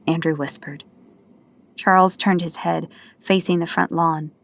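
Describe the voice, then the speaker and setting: A woman reading novel narration in a steady storytelling manner. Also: lowish voice, normal speed, creaky, dry recording. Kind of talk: audiobook narration.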